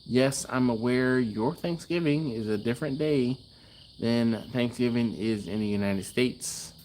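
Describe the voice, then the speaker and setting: A man's voice: medium pitch, a little slow, darkish tone, slight background noise. Laid-back man hosting a garage livestream. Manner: laid-back, chatty, laughs often, trails off. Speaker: livestream host. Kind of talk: casual live-stream chat reading comments.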